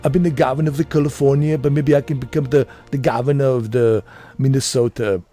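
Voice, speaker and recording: A man doing an impression of a muscle-bound former governor with a thick Austrian accent, talking in halting, boastful bursts. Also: medium pitch, fairly even intonation, dark tone, soft background music, lightly acted. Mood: boasting.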